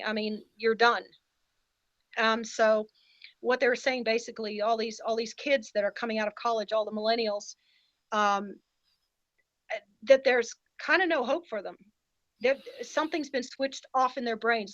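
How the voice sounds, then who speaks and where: Emphatic woman podcast guest with a high voice, dry and a bit lo-fi. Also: dry recording. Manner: emphatic and indignant. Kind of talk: casual podcast conversation.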